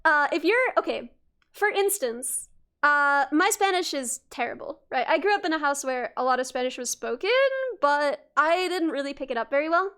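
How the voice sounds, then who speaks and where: Young woman streamer, high voice, loose rambling chat to viewers, lots of ums and self-restarts, laughs easily. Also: expressive, normal speed, pushed and bright. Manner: chatty and rambling, frequent restarts and fillers, laughs often. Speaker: livestreamer.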